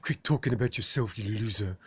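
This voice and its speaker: A smug, self-important male sidekick trades insults and boasts in a pushy, snide manner, as a man puts him on. The voice sits higher and louder than an everyday speaking voice and sounds pleased with its own rudeness. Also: fairly quick, slightly rough, dry recording. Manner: snide, boastful, name-calling.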